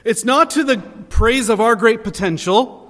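A man with a high voice delivers an earnest sermon from the pulpit. He presses his key phrases with rising emphasis. His words carry a long reverb through a church sanctuary. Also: moderate pace, a bit bright. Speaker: pastor.

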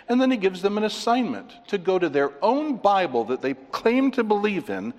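A man's voice: sits high, huge pitch swings, normal speed, hardly any pauses. A man preaching an expository sermon, emphatic as he walks listeners through scripture references. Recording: long reverb of a large hall.

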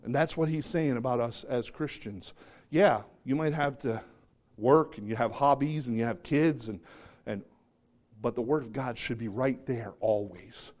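Middle-aged male pastor, mid-pitched voice, chatty sermon delivery with questions to the congregation. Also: moderate pace, darkish tone. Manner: conversational, self-deprecating, asks the congregation questions.

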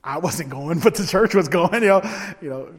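A man preaching a sermon through personal stories, animated and humorous, swinging from loud bursts to hushed asides. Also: on the high side, normal speed. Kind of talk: storytelling sermon. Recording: long hall reverb.

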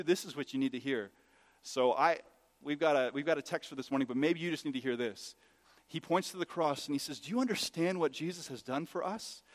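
Impassioned preaching man in a reverberant hall. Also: fairly high pitch. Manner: impassioned, acts out quoted voices with big swings in loudness. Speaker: pastor. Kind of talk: sermon.

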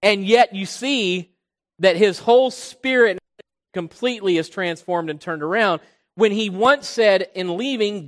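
A man preaching a sermon as pastor. He swells loud on key points and drops low and soft on quiet ones. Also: unhurried. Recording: long reverb of a large hall.

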